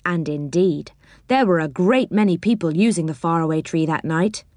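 A woman reading a children's story aloud, expressive and warm in storybook style, in a dry close recording. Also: lowish voice, moderate pace, no room sound.

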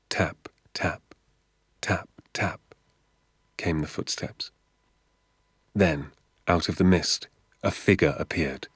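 A man reading a story aloud in a calm, measured narrating voice. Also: low voice, breathy edge, dry recording, clean studio sound. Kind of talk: audiobook narration.

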